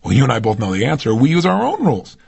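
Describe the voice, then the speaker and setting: A man's voice: mid-range voice, huge pitch swings, very fast, gravelly, darkish tone, breathy edge. A man giving an emphatic motivational seminar talk, often putting rhetorical questions to his audience. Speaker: motivational speaker.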